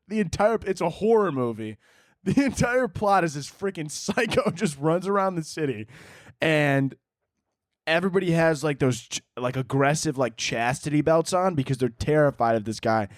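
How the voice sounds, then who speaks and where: Rambling crude young podcast host. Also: male voice, on the high side, no echo, studio quality. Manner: rambling, crude, self-mocking banter with frequent laughs. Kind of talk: solo comedic podcast rant.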